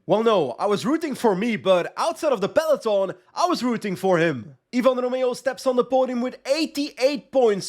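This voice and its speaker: High-voiced excitable man commentating a game. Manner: excitable, shouts and pleads at close finishes. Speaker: gaming YouTuber.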